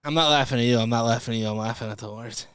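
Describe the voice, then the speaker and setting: Bright-voiced, foul-mouthed male podcast host. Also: medium pitch, rapid-fire, clear, resonant tone, no echo, studio quality. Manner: crude, joking, swears freely. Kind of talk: casual podcast commentary reading listener stories. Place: podcast studio.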